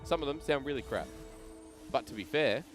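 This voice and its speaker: A man's voice: medium pitch, expressive, normal speed, soft background music. A man with an Australian accent, chatting casually as an esports caster, joking and laughing often. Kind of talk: casual banter between casters.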